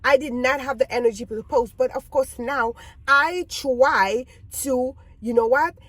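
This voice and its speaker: A non-native English-speaking woman vlogging earnest advice to her viewers, halting and repeating words as she restarts her sentences. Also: high voice, a bit bright, no echo. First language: not English. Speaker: YouTuber.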